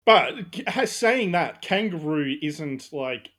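A man's voice: fairly high pitch, expressive, takes it slowly, fairly bright tone. A young man, chatting casually, who laughs often and argues back with some swearing. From Australia. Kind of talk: casual chat.

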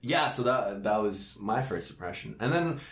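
A man's voice: fairly low pitch, lively intonation, normal speed, fairly bright tone. A man who hosts comedy shows, chatting casually with a self-mocking, rambling manner and frequent laughter. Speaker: comedy show host. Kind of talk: casual podcast chat. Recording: echoey room.

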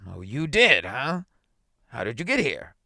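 A man's voice: medium pitch, huge pitch swings, unhurried, gravelly, pushed and bright, no echo, studio quality, heavily acted. A man doing a brusque, stern magistrate. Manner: brusque, severe, scolding.

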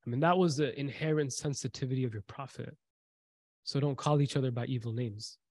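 A man's voice: medium pitch, fairly quick, a little mellow, no room sound. A man giving a sermon, retelling a story with quoted dialogue and repeated lines for emphasis. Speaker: preacher.

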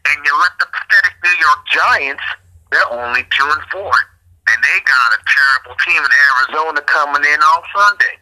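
A man's voice: fairly high pitch, moderate pace, bright, forceful tone, low-quality recording. A man co-hosting a sports podcast, teasing and bragging in casual banter, often stammering as he restarts. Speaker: podcast co-host.

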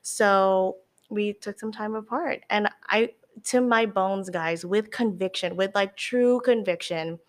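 Young woman rambling on a podcast, lots of likes and swearing, really animated. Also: mid-range voice, takes it slowly. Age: young adult. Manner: animated, many fillers and swears. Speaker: podcast guest. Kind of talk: candid casual chat.

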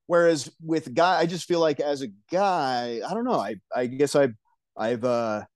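Podcast guest, young man; halting, self-conscious, dry close recording. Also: fairly high pitch, dry recording. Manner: hesitant, many restarts and soft laughs. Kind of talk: casual chat.

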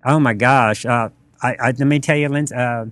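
A middle-aged man talks about running his restaurant, rambling and halting, with lots of "uh"s between thoughts. His voice sits at a middle pitch. The sound is dry and close. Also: fairly even intonation, fairly bright tone, dry recording. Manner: rambling, halting, full of fillers. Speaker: restaurant owner. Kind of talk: casual storytelling interview.

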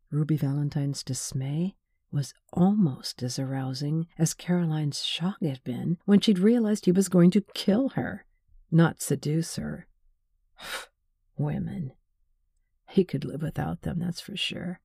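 A woman reading a novel aloud in measured, wry scripted narration. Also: deep voice, dark tone, husky, no room sound, clean studio sound. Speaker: audiobook narrator.

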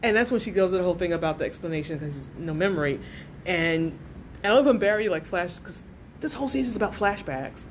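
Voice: medium pitch, lively intonation, fast, a little hiss or hum. A podcast co-host in casual chat, enthusiastic and laughing often while retelling scenes.

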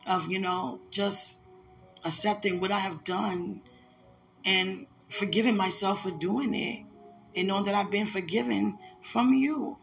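A woman's voice: medium pitch, a little slow, gravelly, faint music behind. A woman giving a heartfelt, emotional religious message, repeating herself and laughing often.

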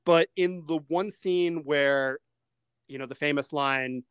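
A smooth-voiced man, a little high in pitch, hosts a casual movie-review podcast chat. He is animated, tosses in quick asides and steers the discussion, with no room sound in the recording.

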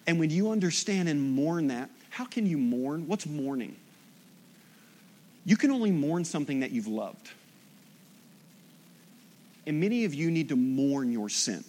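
A man preaching a sermon, dynamic and humorous, rising to loud emphasis and dropping to quiet intensity. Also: fairly high pitch, lively intonation, a little slow, long pauses. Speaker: pastor.

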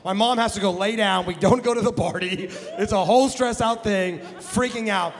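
A man from the Midwest, a guest pastor telling a comic story in a sermon, animated and jokey with bursts of shouting. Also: high voice, normal speed. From American Midwest. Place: church sanctuary. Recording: long hall reverb in a church.

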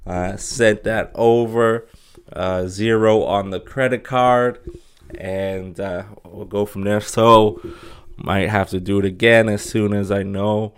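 A young man with a fairly low voice talks through a casual solo podcast. He rambles and jokes, restarting sentences and leaning on fillers as he goes. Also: fairly even intonation, slow, clear, resonant tone. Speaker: podcast host.

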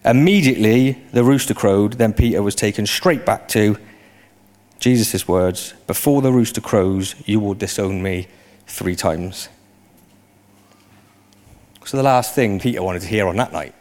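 A man preaching a sermon in a conversational way, often rising into animated emphasis. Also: on the low side, unhurried, long pauses.

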